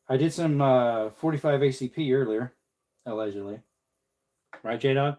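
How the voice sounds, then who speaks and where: A man's voice: mid-range voice, expressive, normal speed, mellow. A man hosting a casual live stream, joking and answering viewer comments while he hand-loads ammunition at his bench. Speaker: livestream host.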